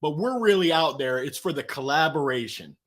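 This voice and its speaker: A man guest talking in an energetic, preachy, slangy storytelling way in an interview. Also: fairly high pitch, brisk. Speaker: guest, author. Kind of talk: motivational interview talk.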